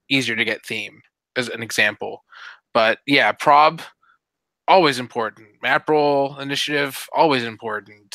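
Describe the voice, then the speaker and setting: A man's voice: mid-range voice, bright, forceful tone, no echo. A man on a casual podcast, explaining game strategy in a rambling way with lots of "uh" and "like". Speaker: podcast co-host.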